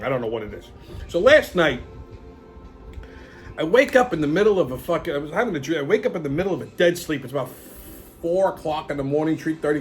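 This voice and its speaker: A man hosting his own show, telling stories in a profane, exasperated, animated rant. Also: a little high. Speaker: show host. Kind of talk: casual storytelling rant.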